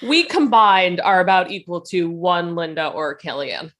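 A woman in her thirties co-hosts a casual podcast, playful and quick to joke. Her voice is bright and clear, and laughter runs through her talk. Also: on the low side. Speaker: podcast co-host. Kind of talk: casual chat.

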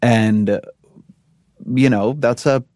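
A middle-aged man speaking as a podcast guest, thoughtful and measured, often restarting his sentences. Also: medium pitch, fairly even intonation, dark tone, no room sound, clean studio sound. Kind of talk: conversational interview.

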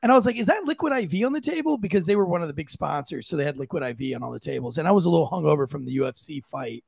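Lively gravelly man telling a story. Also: racing, no echo. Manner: animated, jumps into high voices for quoted people. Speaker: podcast co-host. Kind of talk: casual storytelling chat.

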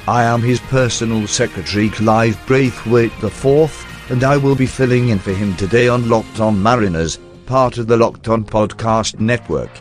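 A man's voice: fairly low pitch, close to an everyday voice. A man voicing a fussy, formal personal secretary who fills in as sports podcast host, with stiff, precise diction in a scripted comic read.

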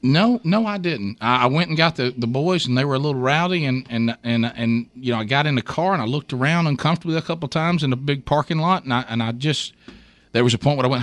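A man's voice: medium pitch, fairly quick, fairly bright tone, no echo. A man hosting a morning radio show, rambling through a funny story and acting out the quotes with laughter. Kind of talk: casual morning radio chat.

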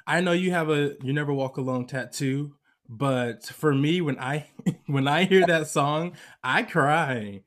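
A man's voice: on the high side, measured pace. Chatty, laughing male podcast host. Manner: lively, chatty, laughs often. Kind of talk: casual interview chat. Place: US West Coast.

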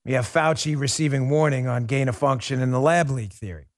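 A man's voice: medium pitch, a little fast, no room sound, clean studio sound. Fervent man hosting a talk show. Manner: fervent, with repeated rhetorical questions; addresses listeners as folks. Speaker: political talk show host. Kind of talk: opinion monologue to listeners.

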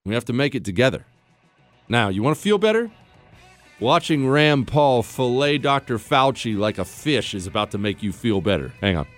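Hosting a talk radio show, a man in his forties is sarcastic and brash, mocking callers in imitation and riffing as his voice swoops up and down in a fast-shifting, sing-song way. His pitch is mid-range, with soft music playing in the background.

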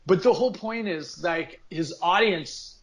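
A man's voice: high voice, unhurried. Rambling man in casual podcast chat. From United States. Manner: rambling, with frequent restarts and fillers. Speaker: podcast co-host.

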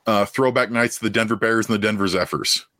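A man's voice: on the low side, steady tone, fairly quick, pushed and bright, no room sound, studio quality. A young man co-hosting a casual sports podcast, riffing animatedly on ideas. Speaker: podcast co-host.

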